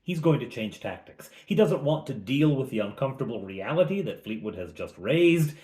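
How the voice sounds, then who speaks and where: Chatty game master in an echoey room. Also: male voice, medium pitch, big pitch swings, normal speed, a little mellow. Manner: casual, chatty asides. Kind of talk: recapping a tabletop game.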